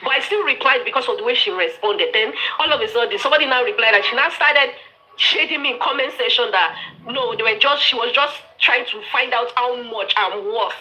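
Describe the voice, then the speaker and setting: A woman's voice: fairly high pitch, fairly quick, pushed and bright, rough recording. A Nigerian woman in her forties hosting a live stream, defiant and dismissive as she rants and talks over others. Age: 40s. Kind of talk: heated live stream rant.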